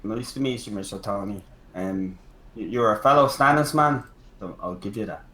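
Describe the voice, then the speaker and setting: A man's voice: on the low side, normal speed, bright, forceful tone. Joking man in an echoey room. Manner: friendly, joking, ribbing others. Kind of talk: casual greetings.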